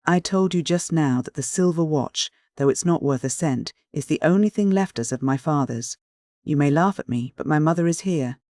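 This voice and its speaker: A man voicing a nervous young male student who talks in a strained, hurried way while faking calm. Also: a little high, no echo, studio quality, natural voice. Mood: anxious.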